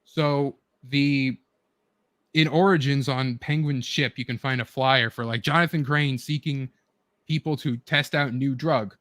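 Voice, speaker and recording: A man's voice: medium pitch, steady tone, a little slow, a bit bright, no room sound. Rambling enthusiastic man, dry close sound. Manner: rambling, filler-heavy, eager retelling. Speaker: show host. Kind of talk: casual chat with friends.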